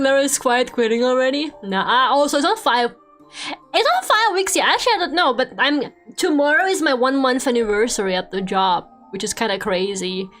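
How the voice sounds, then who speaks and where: A woman's voice: a little high, fairly bright tone. A woman streamer chatting casually while drawing, swearing freely and laughing often. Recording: faint background music.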